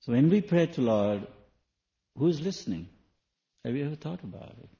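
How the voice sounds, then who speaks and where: A man's voice: a little high, animated, normal speed, dark tone. Questioning man preaching, dull old tape. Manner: rhetorical questions, non-native phrasing. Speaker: spiritual teacher. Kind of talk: spoken sermon to an audience. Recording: dull lo-fi 1980s tape recording.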